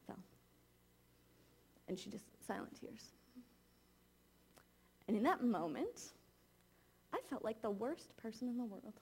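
A woman's voice: on the high side, darkish tone. A woman in her thirties preaching a sermon, telling a candid, confessional personal story.

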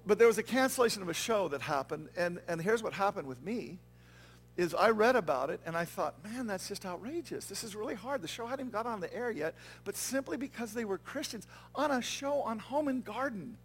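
A man with a noticeably high voice delivers a sermon in an earnest, conversational way. He often stops to check in with his listeners, asking if they follow along before going on. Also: lively intonation, brisk, a little hiss or hum. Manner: earnest, conversational preaching with frequent "okay?" and "right?" check-ins. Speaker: pastor. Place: church.

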